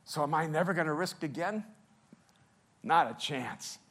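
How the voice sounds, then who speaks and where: A middle-aged male pastor preaching with stories, laughing at himself and swinging between loud bursts and hushed lines. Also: a little high, lively intonation, unhurried.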